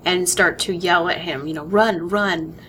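A woman playing a tabletop game, briskly declaring her character's actions. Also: fairly low pitch, fairly even intonation, bright, forceful tone, slight background noise. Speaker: player.

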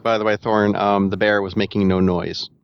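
A man narrating as game master of a tabletop game, halting and searching for words as he describes the scene. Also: on the low side, little pitch movement, gravelly, clean tone, muffled recording.

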